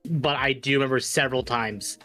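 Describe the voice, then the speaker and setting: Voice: mid-range voice, steady tone, brisk, pushed and bright, faint music behind. A co-host in casual live-stream chat, conversational and hedging.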